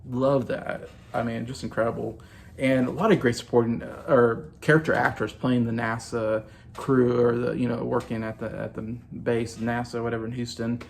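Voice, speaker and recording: A man's voice: mid-range voice, level tone, normal speed, creaky, slight background noise. A man in his forties gushing enthusiastically in a casual movie review vlog.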